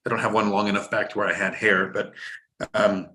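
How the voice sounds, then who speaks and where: Casual male stream host, low voice, explains like a teacher, drops dad jokes. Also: little pitch movement, brisk, bright, forceful tone. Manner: instructive, joking, reads viewer chat aloud. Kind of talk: live-stream finance chat.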